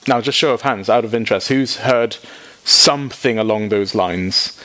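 A man preaching a sermon to a congregation, informal and animated, dropping in quick asides and jokes. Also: fairly low pitch. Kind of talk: sermon teaching.

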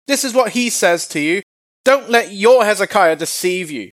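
A man voicing a brash, boastful male military commander who shouts mocking taunts loudly. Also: very high voice, expressive, fast talker, no echo, pitched above the performer's own voice. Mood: shouting. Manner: loud, mocking, bragging.

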